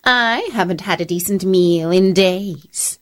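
A woman voicing a skinny, hungry cat that whines in a high, drawn-out voice. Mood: whining. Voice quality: whiny, drawn-out.

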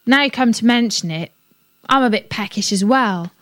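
A woman's voice: fairly high pitch, normal speed, a bit bright, close to an everyday voice. A woman doing a cheeky little boy. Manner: teasing, snappy. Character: cheeky young boy, snappy.

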